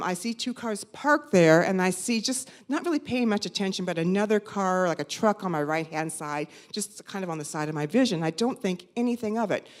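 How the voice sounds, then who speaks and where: A woman in her fifties telling a personal story live, animated, conversational and self-mocking. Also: fairly low pitch. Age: 50s.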